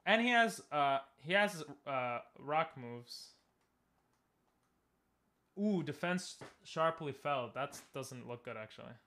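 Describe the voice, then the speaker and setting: A man's voice: fairly high pitch, expressive, takes it slowly, pushed and bright. A young man giving casual, joking commentary while streaming a game and talking with chat. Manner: chatty, joking, talks to chat.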